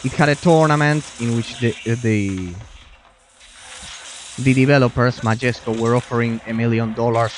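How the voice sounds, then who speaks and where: A man's voice: mid-range voice, fairly even intonation, moderate pace, a little hiss or hum. A man giving casual commentary while playing a video game, rambling with restarts and muttering to himself as he plays. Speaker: gameplay commentator. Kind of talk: casual let's-play commentary.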